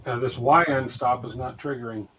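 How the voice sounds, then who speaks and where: A man's voice: mid-range voice, steady tone, moderate pace, fairly bright tone, poor audio. A man chatting casually on a maker hangout, thinking aloud while he works on a 3D printer.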